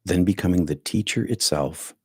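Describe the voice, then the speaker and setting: A man's voice: deep voice, moderate pace, darkish tone, breathy edge, no echo. A male meditation teacher leading an online breathwork session over a video call, rambling and correcting himself as he goes.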